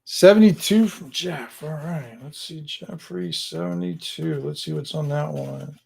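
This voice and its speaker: A man hosting a live stream about writing a tabletop adventure, chatting casually at home. His voice is fairly high and gravelly, and he rambles as he thinks aloud and ribs his viewers. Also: a little slow, a little mellow. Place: home room with gear and books behind him.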